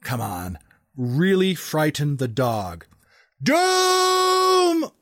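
A man's voice: on the low side, animated, moderate pace, darkish tone, no echo, clean studio sound. A man narrating a comic fantasy story aloud with wry joking asides.

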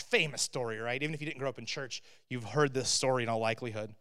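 Animated preacher with a smooth, crisp voice. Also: male voice, mid-range voice, quick pace. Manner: swings from loud emphatic bursts to quiet asides; conversational, with rhetorical questions. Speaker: pastor. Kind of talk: sermon.

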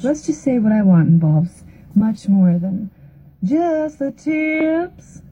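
A woman's voice: mid-range voice, animated, a little slow, lo-fi sound, a crowd in the background, lightly acted. An actress playing a suggestive, teasing woman, heard in a played clip.

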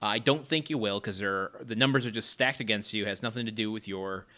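A man hosting a podcast in casual chat, wry and quick to laugh, running a trivia game. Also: fairly low pitch, pushed and bright. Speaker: podcast host.

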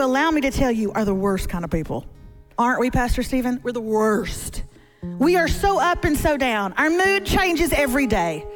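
A middle-aged woman preaching as a guest speaker from a church stage, telling stories with animated humor. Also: sits high. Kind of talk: sermon. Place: church stage before a congregation.

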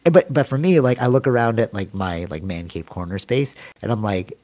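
A man's voice: fairly low pitch, fairly quick, hardly any pauses, darkish tone. A man in his thirties hosting a casual podcast chat, talking with lots of energy and many "like"s and "you know"s. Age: 30s. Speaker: podcast host.

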